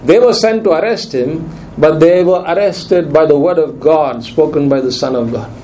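Emphatic male preacher, slightly high voice. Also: normal speed, mellow, a little hiss or hum, rough recording. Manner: emphatic, repeats key lines. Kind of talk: sermon.

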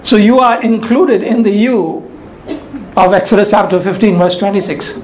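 A man delivers a sermon in a high, ringing voice. He is emphatic and deliberate, slowing down to stress the words he wants to land. The room sounds echoey, with a faint hum behind him. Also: darkish tone. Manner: emphatic, slows to stress key words and repeats them. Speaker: preacher.

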